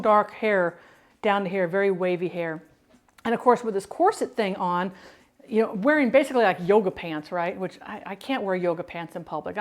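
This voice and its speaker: A woman chatting casually while she cooks, rambling and interrupting herself, from the United States. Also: mid-range voice. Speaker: home cook and streamer. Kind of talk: casual cooking chat.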